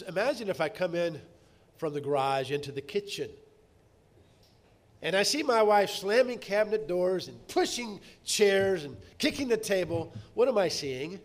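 A middle-aged man preaching from the pulpit in a slightly higher voice than most men. He tells stories in an easy, conversational way, then breaks into loud emphatic bursts. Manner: storytelling preacher, swinging from quiet asides to loud emphatic bursts. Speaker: pastor. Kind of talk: sermon.

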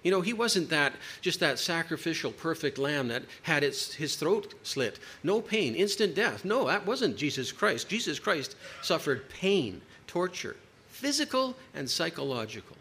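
A man preaching a sermon to a congregation, emphatic, with dramatic pauses. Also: a little high, very animated, sharp tone.

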